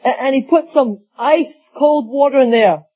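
A man's voice: extremely high pitch, normal speed. A man preaching a sermon, telling folksy stories with acted quotes. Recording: dull lo-fi sound.

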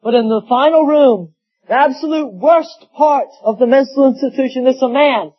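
A man's voice: extremely high pitch, normal speed, slightly rough. A man preaching a sermon, telling folksy stories with acted quotes. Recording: dull lo-fi sound.

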